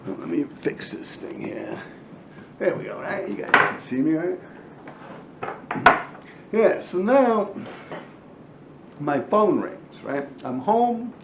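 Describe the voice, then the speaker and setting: Gravelly New man telling street stories. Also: high voice, slow pace, pauses often, very noisy. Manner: animated, profane street storytelling. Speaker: former graffiti writer telling stories. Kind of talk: casual storytelling to camera. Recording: echoey room, slightly dull sound.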